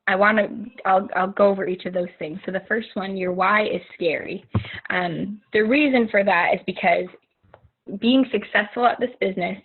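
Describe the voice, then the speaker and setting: Husky young woman on a tinny call. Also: lowish voice. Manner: rambling, many fillers and restarts. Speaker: team leader giving a motivational talk. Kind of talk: informal motivational talk on a video call. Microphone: video call. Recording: narrow phone-like video call audio.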